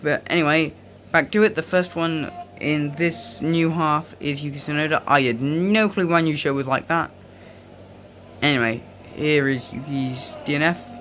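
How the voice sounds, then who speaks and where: A man's voice: fairly high pitch, steady tone, moderate pace, fairly bright tone, a little hiss or hum. A young man giving casual, rambling commentary over racing game footage, often drifting off on tangents. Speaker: gaming video creator.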